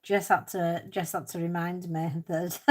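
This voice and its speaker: Chatty woman, low voice. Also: little pitch movement, measured pace. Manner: chatty, reads out and answers viewers' comments; self-deprecating, laughs easily. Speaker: live-stream host. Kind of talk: casual chat while colouring.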